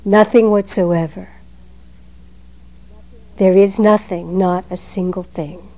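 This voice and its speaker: Slow, mellow woman giving a dharma talk. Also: medium pitch, fairly even intonation, poor audio. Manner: measured and emphatic, phrases trailing off softly.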